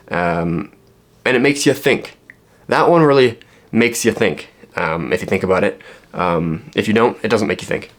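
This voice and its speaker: A man vlogging a book haul in a casual, rambling way, full of fillers and joking asides. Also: fairly low pitch.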